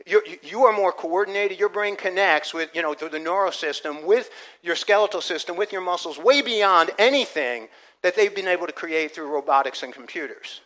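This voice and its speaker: A man's voice: high-pitched, moderate pace, fairly bright tone. A man preaching a sermon, earnest, repeating himself and building to emphatic points. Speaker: pastor.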